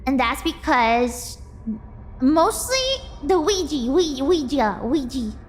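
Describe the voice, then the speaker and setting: A woman streamer chatting casually with her viewers, excitable and quick to laugh. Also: high-pitched. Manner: excitable, bursts into squealing and laughter. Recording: faint music in the background.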